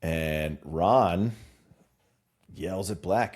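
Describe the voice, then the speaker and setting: A man from the Southern US with a mild Southern accent, co-hosting a casual podcast chat, animated and quick to laugh. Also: lowish voice. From Southern US, Charlotte. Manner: animated, laughs often, slips into voices. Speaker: podcast co-host.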